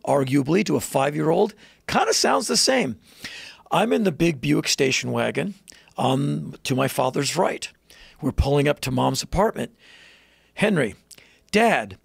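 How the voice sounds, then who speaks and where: Gravelly higher-voiced man telling a story. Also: no echo. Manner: animated, jumps into loud high voices for quotes. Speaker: podcast guest. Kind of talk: casual storytelling. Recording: dry close podcast mic.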